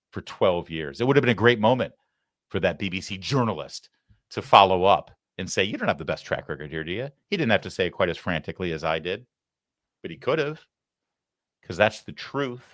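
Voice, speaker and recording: A man with a fairly low voice hosts a live political talk show. He rants with heated sarcasm into a studio microphone, and the sound is close and dry with no room around it. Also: expressive, moderate pace, a bit bright, dry recording. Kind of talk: live opinion commentary.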